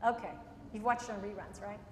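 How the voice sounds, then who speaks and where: A woman leading a live workshop, giving direct, brisk advice and running a demonstration for a group. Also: medium pitch, fairly even intonation, heavy background noise. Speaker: workshop trainer. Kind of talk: live workshop lecture and demo. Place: meeting room before a group. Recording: echoey room, mic at a distance.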